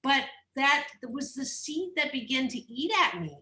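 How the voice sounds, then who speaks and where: A woman with a bright, fairly high voice tells candid personal stories as a podcast guest. Her manner is animated and expressive. The recording has a noticeable roomy echo. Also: unhurried. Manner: animated, expressive, acts out voices, laughs often. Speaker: guest, organizational psychologist and coach. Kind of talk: candid storytelling in a podcast interview.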